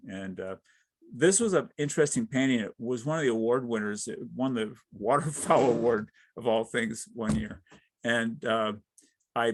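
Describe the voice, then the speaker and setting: A middle-aged man, a wildlife artist, giving an informal talk about his career with many halting fillers. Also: medium pitch, no room sound.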